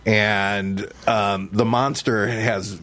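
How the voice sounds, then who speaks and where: A man's voice: lowish voice, fairly even intonation, very slow, pushed and bright. Rambling, self-mocking man telling stories. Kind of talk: casual chat, storytelling.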